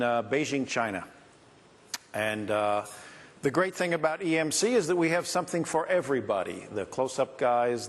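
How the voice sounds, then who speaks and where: A man hosting a conference, introducing the next performer with chatty, upbeat patter. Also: mid-range voice. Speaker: conference host introducing acts. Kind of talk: stage introduction. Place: large conference hall. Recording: long hall reverb with faint audience.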